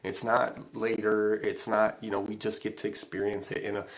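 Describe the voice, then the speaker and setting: Rambling, laughing man with a lowish voice. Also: flat delivery, moderate pace, low-quality recording. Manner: rambling, filler-heavy, laughs often. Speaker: spiritual channeling host. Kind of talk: casual livestream chat.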